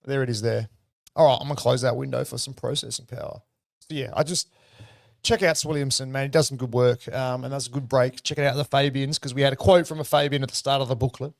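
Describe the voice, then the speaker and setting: An Australian man hosting a livestream, talking in a rambling, excitable and profane way. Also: medium pitch, fast, gravelly, dry recording, studio quality. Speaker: livestream host. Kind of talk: casual livestream commentary.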